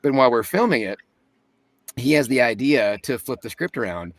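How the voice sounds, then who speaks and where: A man's voice: mid-range voice, expressive, normal speed, dry recording, far from the mic. A man, a voice actor, talking as a guest in a casual interview, chatty and joking, often laughing.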